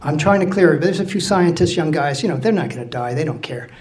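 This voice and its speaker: A blunt, salty man in his sixties tells a story to a live audience. His voice sits fairly high for a man, and he chuckles at his own telling. He swears freely as he goes. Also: expressive, quick pace, a little mellow. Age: 60s. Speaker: storyteller recounting his time as a ship's officer. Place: stage at a live storytelling event.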